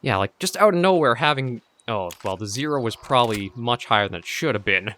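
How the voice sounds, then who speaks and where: Talking fairly quickly in a medium-pitched voice, a gaming channel host chats over his gameplay. He keeps it relaxed, musing aloud and using fillers as he plays.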